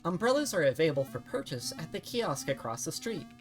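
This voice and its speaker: A woman voicing an automated ticket kiosk that speaks in a flat, officious way. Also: low-pitched, brisk, soft background music, voice pushed up. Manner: monotone, officious.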